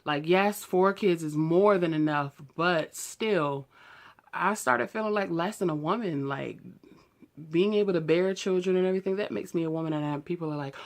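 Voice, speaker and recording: A woman's voice: on the low side, normal speed. A woman in her thirties, telling her own story to the camera in a raw, emotional and outspoken way, in loose casual speech. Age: 30s. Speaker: vlogger. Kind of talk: candid personal story to camera.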